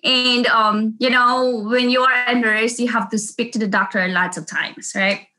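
Bright-voiced woman telling a story. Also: a little high, a little slow. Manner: animated storytelling with laughter. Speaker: nurse, guest. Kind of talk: casual anecdote.

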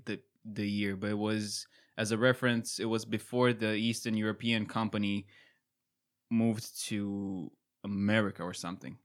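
A man's voice: lowish voice, fairly bright tone. A man co-hosting a podcast who rambles, searches for words and teases his partner. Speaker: podcast co-host. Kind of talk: casual podcast chat.

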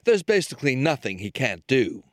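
A male correspondent narrating a television news feature in a measured storytelling way. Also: medium pitch, big pitch swings, dry recording, studio quality.

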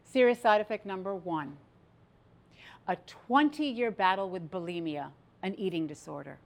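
A middle-aged woman giving a motivational stage talk, playful and animated, drawing the audience into participation. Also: mid-range voice. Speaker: speaker. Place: stage before a live audience.

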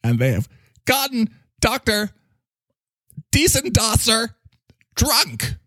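A man voicing an excitable male character who announces gossip in a frantic way. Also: very high voice, slow, dry recording, voice pushed up, exaggerated voice.

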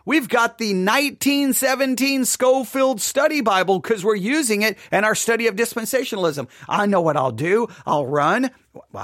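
A man hosting a solo podcast, commenting on a Bible study text in an animated, exasperated way with rising questions and asides. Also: high-pitched, no echo, studio quality. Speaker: podcast host.

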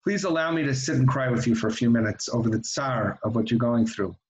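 A man voicing an old rebbe who speaks calmly and sorrowfully. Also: mid-range voice, fast talker, voice pushed down, lightly acted, poor audio. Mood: solemn. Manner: calm, sorrowful. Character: solemn elderly rebbe, gentle and compassionate.

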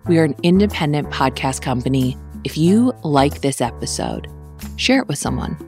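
Low-voiced woman, wry podcast host. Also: expressive, normal speed, a little mellow, soft background music. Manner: wry, dry humor. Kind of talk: personal essay and podcast outro.

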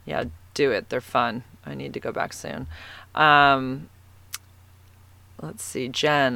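A man in his fifties chats on his solo podcast in a bright, forceful voice that stays smooth and crisp. He gushes and rambles, with plenty of ums, and his pitch sits a little above the usual for a man. The sound is dry and close. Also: fairly even intonation, slow pace, long pauses, dry recording. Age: 50s. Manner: gushing, rambling, lots of fillers. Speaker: podcast host. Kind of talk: casual solo podcast chat.

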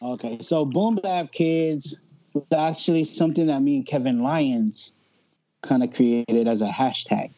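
Relaxed, mellow man telling stories. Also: mid-range voice, unhurried, dry recording, dull audio. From Hawaii. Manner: relaxed, slangy storytelling. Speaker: guest artist. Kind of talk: casual chat.

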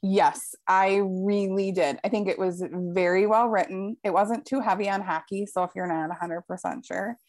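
A woman co-hosting a casual book podcast, expressive and quick to laugh. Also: mid-range voice, no echo. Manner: expressive, laughs easily, chatty asides. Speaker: podcast co-host.

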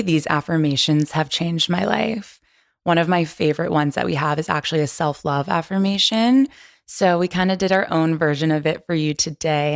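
Woman, podcast co-host, raspy, very low and gravelly, calm guiding voice, dry sound. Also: no room sound. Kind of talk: guided affirmation and podcast chat.

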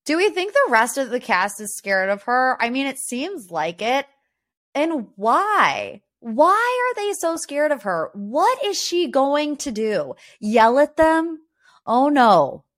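A woman's voice: on the high side, a bit bright. A woman hosting a podcast in casual pop-culture commentary, sarcastic and opinionated, firing off rhetorical questions and peppering her talk with "you know" and "like.". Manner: chatty, frequent "you know" and "like". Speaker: podcast host.

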